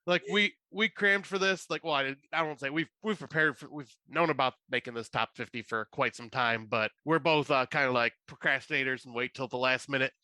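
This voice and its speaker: A man's voice: medium pitch, a little fast, hardly any pauses, bright, forceful tone, no room sound. A man co-hosting a horror film podcast, chatting loosely with many restarts, swearing and laughing. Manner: rambling, restarts often, swears, laughs a lot. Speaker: podcast co-host. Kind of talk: casual chat.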